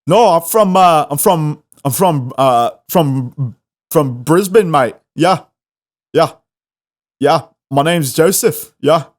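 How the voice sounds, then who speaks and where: A man's voice: on the high side, expressive, takes it slowly. A man putting on an Australian accent to play a big, laid-back male wrestler who drawls and keeps repeating himself. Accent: Australian put-on. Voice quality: drawling, repeats himself, says mate a lot.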